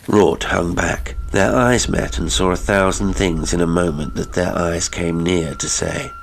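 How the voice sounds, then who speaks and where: A man reading a classic horror story aloud as an audiobook narrator, in measured, dramatic storytelling. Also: deep voice, steady tone, vocal fry, a little hiss or hum.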